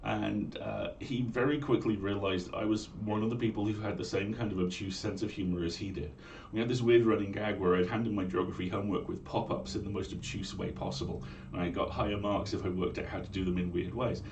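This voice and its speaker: A man with a Manx accent, hosting a livestream in a chatty, joking way with quick asides. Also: fairly low pitch, steady tone, a little mellow, far from the mic, a little hiss or hum. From Isle of Man. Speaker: streamer and storyteller host. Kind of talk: casual chat. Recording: voice from off-mic with faint room ambience.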